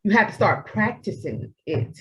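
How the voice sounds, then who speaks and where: Animated woman telling her story on a podcast. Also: mid-range voice, moderate pace, highs cut off. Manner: animated, acts out her own inner voice, laughs often. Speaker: podcast co-host. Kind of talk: casual chat.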